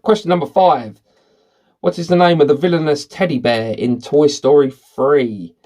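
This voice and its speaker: A man reading movie quiz questions aloud and thinking out loud about the answers in a casual, rambling way. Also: fairly high pitch, moderate pace. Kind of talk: casual commentary while taking a quiz.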